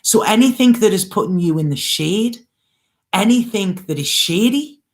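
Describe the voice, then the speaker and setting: A woman tarot reader with a medium-pitched voice and lively intonation gives an emotional, earnest spiritual reading at a moderate pace. Near tears, she delivers a casual monologue, coaxing her listeners and often checking in with "okay?" and "you know."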